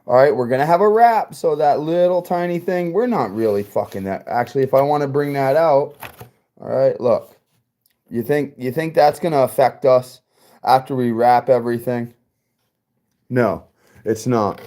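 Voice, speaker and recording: A man's voice: medium pitch, normal speed, warm tone. A man giving a casual workshop build tutorial as a car audio installer, chatty and profane, talking straight to his viewers.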